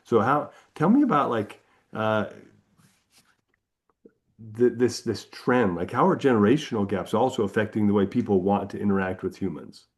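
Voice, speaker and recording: A man hosting a podcast, asking questions casually with halting restarts. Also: lowish voice. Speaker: podcast host. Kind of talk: conversational interview.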